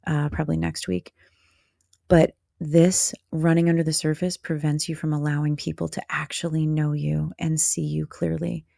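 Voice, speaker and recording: A woman's voice: low voice, gravelly, dark tone, no echo, studio quality. A woman hosting a reflective podcast monologue, speaking candidly and directly to the listener in a motherly, blunt way. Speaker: podcast host.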